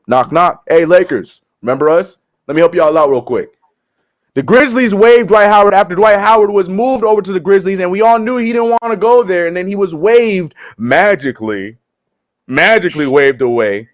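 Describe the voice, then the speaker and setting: A man hosting a casual sports talk segment, animated and joking as he talks. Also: on the high side. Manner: animated, laughing, joking asides. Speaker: sports show co-host.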